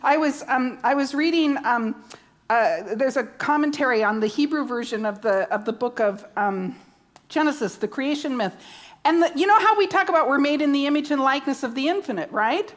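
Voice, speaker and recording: A woman's voice: high voice, expressive, normal speed. A woman minister preaching a sermon, emphatic, repeating key words and asking rhetorical questions.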